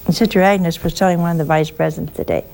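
A woman who is a nun, giving a storytelling sermon, slow and emphatic, with rhetorical questions and folksy asides. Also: lowish voice, steady tone, vocal fry, dark tone.

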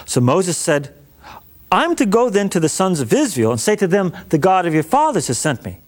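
A man's voice: sits high, big pitch swings, moderate pace. A man teaching on a Bible story, acting out the dialogue with humor and plenty of animation. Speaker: preacher.

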